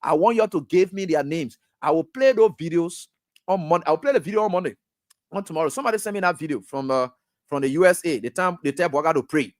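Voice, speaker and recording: A man's voice: fairly high pitch, fast, no echo, studio quality. A man with a Liberian English accent hosting a political talk radio show, scolding and firing rhetorical questions straight at the president. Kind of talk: fiery political commentary.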